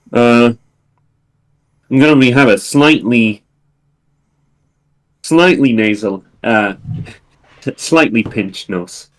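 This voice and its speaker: A man's voice: fairly low pitch, low-quality recording. A man hosting a livestream, chatting casually and rambling, breaking off mid-thought and swearing lightly. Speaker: livestream host.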